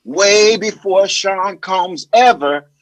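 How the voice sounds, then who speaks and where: A man's voice: sits high, no echo, poor audio. A man doing a teary, pleading record mogul. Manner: drawn-out, wavering, pleading delivery. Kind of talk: celebrity impression.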